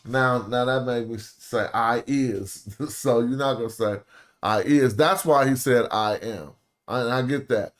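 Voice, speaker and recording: A man's voice: medium pitch, a little slow. A man talks through a grammar lesson in an easygoing, slangy way. He repeats words, restarts his sentences and keeps asking his listeners questions as he works through each point. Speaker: teacher of ancient Egyptian. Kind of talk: casual live lesson.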